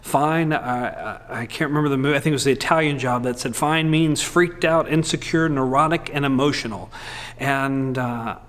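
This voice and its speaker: A male pastor preaching a sermon in a candid, humorous way with lively swings in delivery. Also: mid-range voice.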